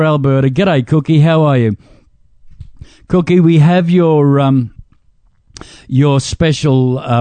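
Man, radio host, jokey, stumbles on names, dark voice, dry. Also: medium pitch, no room sound. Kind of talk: reading pledge donor names on air.

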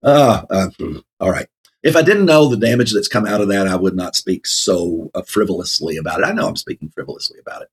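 A man's voice: low-pitched, brisk, slightly rough. A man co-hosting a casual Bible discussion, rambling with many fillers and frequent laughs. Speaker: co-host of a Bible talk show.

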